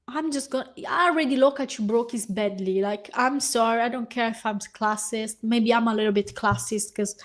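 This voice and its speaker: High-pitched woman ranting angrily. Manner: heated, profane, ranting while reading aloud. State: hoarse. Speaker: vlogger. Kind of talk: angry reaction rant.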